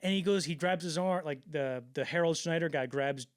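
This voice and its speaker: A man hosting a podcast, telling stories in a casual, animated way with lots of swearing and restarts. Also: a little high, fairly quick, clean tone, no echo, studio quality. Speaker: podcast host. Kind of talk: casual storytelling chat.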